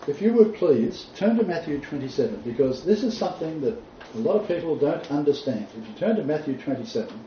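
A man preaching a sermon, reading scripture aloud and stressing key points with deliberate emphasis. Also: a little high, big pitch swings, warm tone, slight background noise. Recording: distant mic, roomy echo, dull sound.

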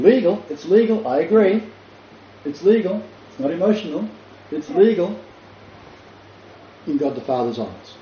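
Here a mellow, fairly high-pitched man is speaking: an older ministry leader giving an informal, emphatic Christian teaching talk. He repeats important phrases and fumbles with fillers, captured in a roomy lo-fi recording with faint noise.

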